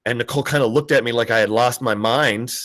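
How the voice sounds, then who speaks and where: A male teacher in his forties talks a class through a lesson in a relaxed, storytelling manner. He stumbles over restarts and fillers, then brightens to act out the people in his anecdotes. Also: medium pitch, fast talker. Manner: conversational, many fillers and restarts, acts out quoted voices.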